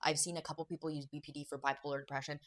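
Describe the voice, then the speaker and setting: A woman giving personal commentary to camera, speaking slowly and haltingly, soft and emotional. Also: sits low, level tone. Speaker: video essay creator.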